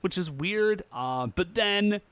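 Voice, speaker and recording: Man, podcast co-host, relaxed plot recap, lively intonation, dry close-miked sound. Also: sits high, takes it slowly, clear, resonant tone, no room sound. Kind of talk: casual chat.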